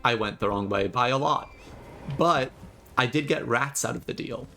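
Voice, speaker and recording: A man streaming himself playing a video game, talking casually with rambling, sarcastic asides and animated bursts. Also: mid-range voice, moderate pace, creaky. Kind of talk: casual gameplay commentary.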